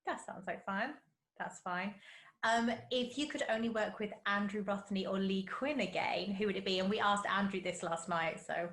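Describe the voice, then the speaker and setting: A woman's voice: medium pitch, fairly bright tone. Teasing woman host in an echoey room. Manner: playful, teasing, quick questions. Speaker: podcast host. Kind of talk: casual interview chat.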